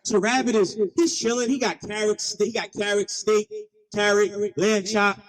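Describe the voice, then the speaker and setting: Brief: high-pitched man telling playful stories in a keynote, checking in with the room. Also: normal speed, long reverb tail. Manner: animated, call-and-response with audience; playful, slangy. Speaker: keynote speaker. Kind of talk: storytelling speech.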